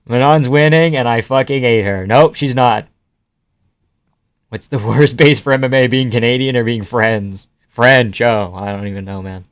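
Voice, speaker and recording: Profane excitable young man streaming. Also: mid-range voice, slow, long pauses. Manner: excitable, profane, laughing, yells at the screen. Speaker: streamer watching fights. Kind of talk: live reaction stream, casual profane chat.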